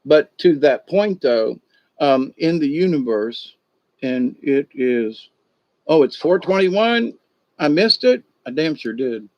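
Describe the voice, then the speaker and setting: A man's voice: a little high, expressive, slow, no echo. A man talking casually late at night on a livestream, rambling and acting out little dialogues in changed voices. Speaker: livestream host. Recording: dull lo-fi dry sound.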